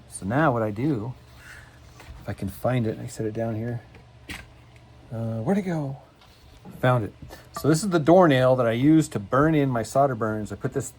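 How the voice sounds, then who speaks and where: A man's voice: mid-range voice, darkish tone, slight background noise, poor audio. A man with a folksy, rambling manner who often repeats himself, giving a casual step-by-step demonstration at his workbench in a home workshop. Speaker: cigar box guitar builder.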